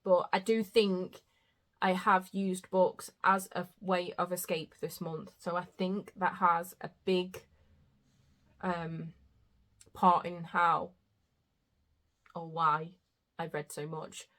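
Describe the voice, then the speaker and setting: A woman's voice: on the low side, steady tone, slow pace, long pauses, a bit bright. A young woman, chatting casually as a book vlogger. She trails off, restarts and pokes fun at herself. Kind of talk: casual chat.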